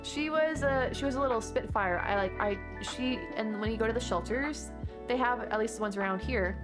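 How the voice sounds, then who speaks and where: A woman's voice: on the high side, normal speed. Chatty streamer woman over chill music. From Texas. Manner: chatty, rambling, reads and answers chat. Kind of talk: casual game stream chat. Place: home desk. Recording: chill music playing under the voice. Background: background music.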